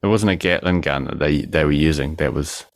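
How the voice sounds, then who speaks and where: Crude, ranting podcast man, gravelly. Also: very deep voice, a little fast, no room sound. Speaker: podcast co-host. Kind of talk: casual podcast banter.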